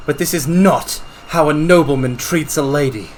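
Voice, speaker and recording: A man's voice: a little high, normal speed, a little hiss or hum, natural voice. A man voicing a chivalrous young prince in a game, formal and courtly.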